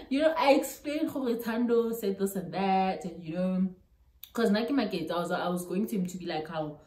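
A young woman with a South African accent tells a story in a vlog, animated and chatty, dropping local-language words into her English. Her voice sits at a middle pitch. The room gives it a roomy echo. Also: moderate pace. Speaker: YouTuber.

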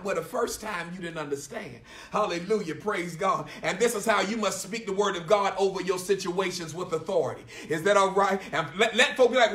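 A man, preaching a sermon as pastor in a church, emphatic and repetitive, punctuating lines with "praise God" and building to shouts. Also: sits high, fairly quick, echoey room, recorded from a distance. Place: church sanctuary.

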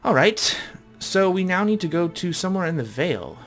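A man's voice: high voice, sing-song, brisk, a bit bright, soft background music. A man casually commenting as he plays a game, chatty and thinking aloud. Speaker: gamer.

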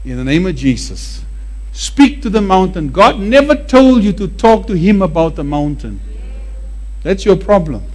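A male preacher with a high voice that swings widely from phrase to phrase. He delivers a sermon emphatically and repeats words for effect. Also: very animated, normal speed, darkish tone.

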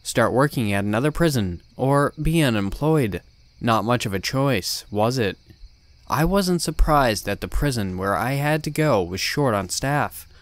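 A man's voice: medium pitch, lively intonation, unhurried, no room sound. A man reading a first-person horror story in a blunt, swearing, tough-guy voice. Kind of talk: scripted horror narration.

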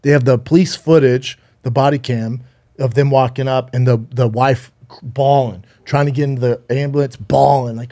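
A man co-hosting a podcast retells a story in loose, casual chat. His tone is warm and mellow. He swears freely and keeps restarting his sentences as he rambles along. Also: mid-range voice, moderate pace. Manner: rambling, profane, with frequent restarts. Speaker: podcast co-host.

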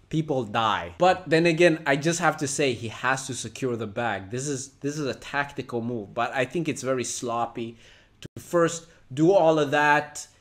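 Guy reacting on a commentary show, mid pitch, goes from loud outbursts to low mutters. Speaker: co-host.

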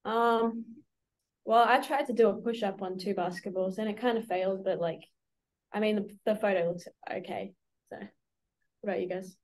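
A woman's voice: mid-range voice, steady tone, normal speed, darkish tone. A young woman with an Australian accent, a college basketball player answering interview questions in an easygoing, chatty, teasing way over a video call. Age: young adult.

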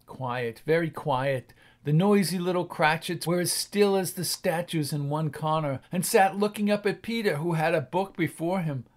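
A man narrates a classic tale in a measured, expressive way. His voice sits fairly high and often drops to a hush for dark moments. It is a careful dramatic audiobook reading.

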